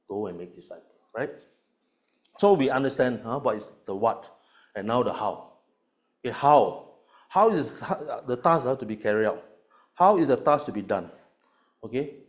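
A man preaching a sermon as a pastor, emphatic, often checking in with "right?" and "huh?", swinging between loud stresses and quiet asides. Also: mid-range voice. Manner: emphatic, peppers lines with "right?" and "huh?" tag questions.

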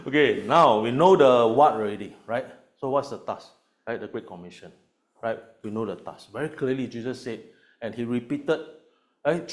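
A man preaching a sermon as a pastor, emphatic, often checking in with "right?" and "huh?", swinging between loud stresses and quiet asides. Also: fairly low pitch. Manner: emphatic, peppers lines with "right?" and "huh?" tag questions.

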